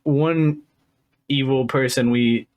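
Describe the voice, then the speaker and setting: A man's voice: mid-range voice, fairly even intonation, takes it slowly, phone-quality sound. A man hosting a casual tabletop gaming podcast, joking and laughing often with his co-host.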